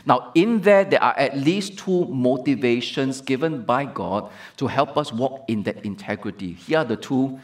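A male pastor delivering a sermon, measured and emphatic, repeating key phrases. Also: mid-range voice.

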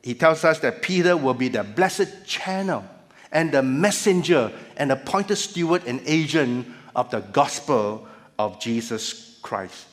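A man preaching a sermon as pastor, measured with emphatic rises. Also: mid-range voice, animated. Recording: church hall reverb.

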